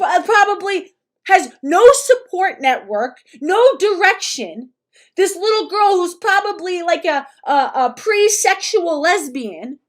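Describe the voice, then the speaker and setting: Woman with a very high voice, an angry profane direct-address rant full of stumbles and restarts.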